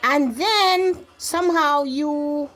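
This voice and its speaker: High-voiced woman telling a story. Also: drawn-out words, faint music behind. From grew up outside the country she now lives in. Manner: rambling, quotes herself and others in lively acted-out voices. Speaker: vlogger telling a personal story. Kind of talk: casual spoken storytelling.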